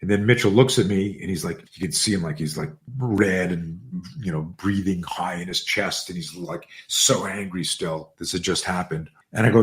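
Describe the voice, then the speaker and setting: An older man with a fairly low voice tells a story as a podcast guest. He acts out the quoted lines and drops curse words easily. The room gives his voice a noticeable echo. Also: moderate pace, few pauses. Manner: animated storyteller, acts out quoted dialogue, swears freely. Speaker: podcast guest, self-defense instructor. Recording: roomy echo.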